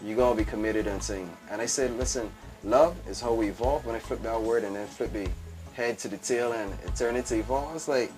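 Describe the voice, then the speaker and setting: A man at medium pitch talks briskly, his tone darkish, with soft music in the background. He's a fashion entrepreneur guesting on a casual show, animated and emphatic. Repeated phrases and constant references to the host as "B" mark his speech.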